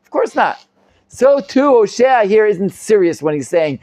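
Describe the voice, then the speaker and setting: A man, a rabbi, teaching a live Bible class, reading Hebrew commentaries quickly and explaining them in English with frequent Hebrew terms. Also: no echo, studio quality. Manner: animated, acts out quoted speakers with sudden loud pitch jumps.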